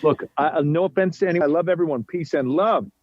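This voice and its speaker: A middle-aged man from New York talks casually as a podcast guest, rambling with lots of fillers and restarts. His voice sits a little high for a man. The remote audio is dry and a little dull and lo-fi. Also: quick pace, a little mellow, no room sound. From United States, New York. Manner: chatty and self-deprecating, many fillers and restarts. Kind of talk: casual interview chat. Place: at home.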